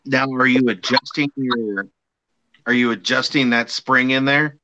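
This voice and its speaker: Man, slow steady delivery, patient explainer, casual chat, muffled lo-fi audio. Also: medium pitch. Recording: dull lo-fi recording.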